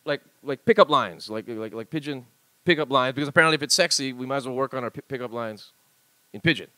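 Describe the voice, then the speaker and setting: A man from Hawaii, co-hosting a podcast in joking, animated banter. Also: medium pitch, fast talker, dry recording. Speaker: podcast co-host. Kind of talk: casual comedic chat. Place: live studio room with audience.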